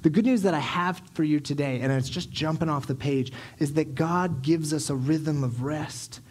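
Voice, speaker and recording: Male pastor in his thirties, slightly higher voice, preaching with animated storytelling; lively sermon delivery. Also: normal speed, breathy edge. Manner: animated storytelling, acting out his kids and himself. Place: church sanctuary.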